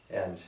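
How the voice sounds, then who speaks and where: A man giving a reflective, unhurried talk, with measured pauses and frequent fillers. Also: a little mellow, a little hiss or hum. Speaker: speaker presenting a painting. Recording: roomy echo from a distant mic.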